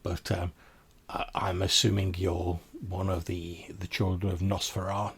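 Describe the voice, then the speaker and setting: A courteous old vampire crone, formal and stately, speaking in a very deep, hoarse voice, as a man puts her on. She halts and repeats her words and keeps a flat, even tone. Her talk comes from a tabletop role-playing game. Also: normal speed, full character voice.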